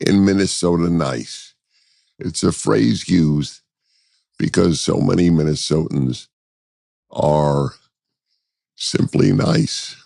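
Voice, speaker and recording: A man with an extremely low, gravelly voice talks at an unhurried, measured pace. He answers as a guest in an interview, deliberate and full of pauses and restarts. The sound is close and dry. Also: darkish tone, dry recording. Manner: deliberate, with frequent hesitations and restarts. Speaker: guest commentator.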